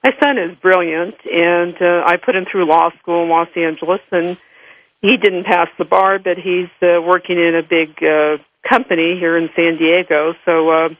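A man in his sixties calling a radio show, talking in a rambling, halting way with many fillers. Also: sits high, fairly even intonation, highs cut off. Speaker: radio caller.

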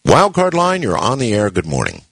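A middle-aged man hosting a call-in radio show, talking in a slow, measured and deliberate way with long pauses. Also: on the low side, wildly swooping pitch, creaky, fairly bright tone, husky, no echo. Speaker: radio talk show host.

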